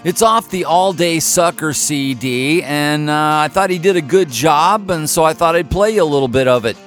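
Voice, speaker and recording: A man hosting a comedy show, announcing results in a deadpan, mock-serious way. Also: fairly high pitch, moderate pace, over music. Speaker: podcast host.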